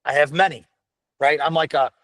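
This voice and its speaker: A middle-aged man talks frankly and animatedly, with constant swearing, in a candid podcast conversation. His voice sits somewhat high for a man. The recording is dry and close, with no room sound. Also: normal speed, no echo, poor audio. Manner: blunt, profane, animated storytelling. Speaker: podcast guest, veteran firefighter.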